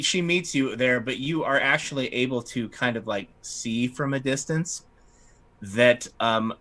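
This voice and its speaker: A man's voice: mid-range voice, sharp tone. A man narrating as game master of a tabletop game, in a loose, rambling way with many fillers.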